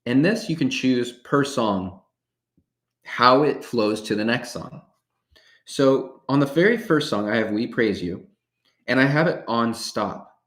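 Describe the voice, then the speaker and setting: A man presenting a workshop, walking through software features step by step in an upbeat, casual way. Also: medium pitch, roomy sound. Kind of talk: software tutorial demonstration.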